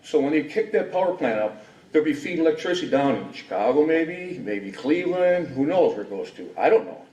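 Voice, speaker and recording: Indignant man with a lively voice. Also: fairly high pitch, a little fast. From Wisconsin. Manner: rambling, indignant, full of rhetorical questions. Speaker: resident giving public comment. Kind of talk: unscripted public hearing comment. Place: public hearing room. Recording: echoey hall from far off.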